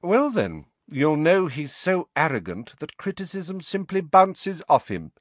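A man voicing a cold, sneering adult male wizard teacher in an audiobook, with soft, sleek menace. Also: lowish voice, sing-song, a little slow, no echo. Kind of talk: audiobook character voice.

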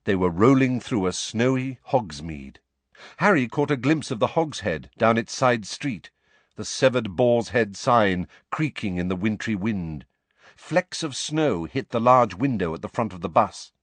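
A man reading a story aloud as an audiobook narrator, with expressive storytelling. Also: lowish voice, unhurried, dry recording. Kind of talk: scripted narration.

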